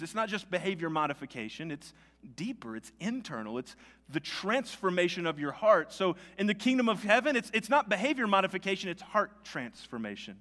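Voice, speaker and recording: A male pastor preaching a sermon, telling a story in a conversational, animated way with many restarts. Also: sits high. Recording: long hall reverb.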